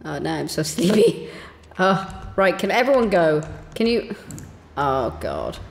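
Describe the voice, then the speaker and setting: A woman giving excitable, giggly commentary while playing a game on stream, talking to herself. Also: on the low side, a little slow, gravelly, big-room sound, soft background music. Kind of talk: gameplay commentary.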